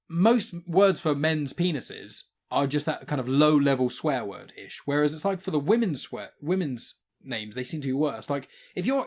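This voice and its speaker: An English man hosts a casual podcast chat. His voice moves up and down freely as he muses aloud, tossing in tag questions. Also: fairly high pitch. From England. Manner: chatty, musing with tag questions. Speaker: podcast host.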